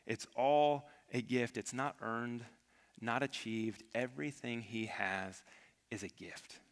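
A man preaching a sermon with earnest emphasis, rising to stress points and letting his phrases fall away quietly. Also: medium pitch, big-room sound. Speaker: pastor.

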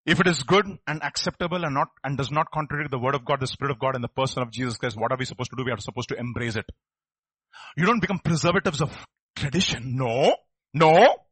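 A man's voice: medium pitch, fast talker, a bit bright, slightly rough, no echo. A man preaching a sermon, asking his listeners rhetorical questions. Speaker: pastor.

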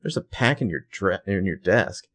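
A man's voice: low voice, animated, moderate pace, a bit bright. A man voicing a fed-up young female assistant standing up to her boss. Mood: defiant. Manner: defiant, fed up.

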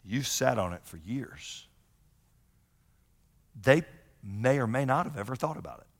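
Animated man preaching in a reverberant hall. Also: medium pitch, measured pace, vocal fry. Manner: animated, conversational, acts out quoted voices. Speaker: pastor. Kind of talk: sermon.

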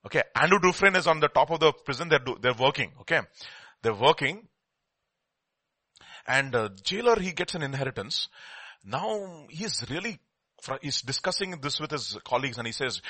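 A man preaching with a bright, forceful edge and a slightly raised pitch. He swings from hushed asides to loud emphatic questions and acts out the people in his stories. The sound is dry and close. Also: moderate pace, slightly rough, no room sound. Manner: animated preaching, acts out quoted dialogue, swings from quiet to loud. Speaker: pastor. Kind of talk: sermon.

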